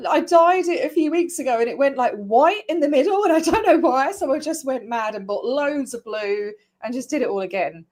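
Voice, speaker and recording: A woman from Scotland who now speaks with an English accent, hosting a casual video interview in a chatty, rambling way with frequent laughter. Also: sits high. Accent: English, faded Scottish. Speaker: host.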